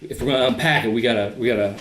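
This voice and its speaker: A man's voice: medium pitch, very fast, fairly bright tone, reverberant, a little hiss or hum. A man talking as a podcast guest in casual conversation, heated, emphatic and profane.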